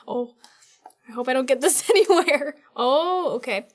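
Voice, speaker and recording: A young woman hosting a casual food tasting vlog, bubbly and chatty, full of excited fillers. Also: high voice, unhurried, soft background music. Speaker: host.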